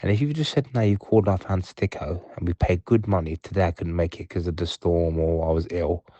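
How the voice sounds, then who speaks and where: Man, angry voicemail caller, swearing and rambling, lowish voice, phoned in from home. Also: brisk, mellow, no room sound, lo-fi sound. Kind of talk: ranting voicemail messages. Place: at home on a sofa.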